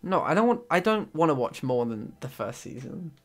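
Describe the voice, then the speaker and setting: A man's voice: on the high side, very animated, normal speed. A man chatting casually, teasing his friend with dry banter. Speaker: streamer's friend. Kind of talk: casual chat.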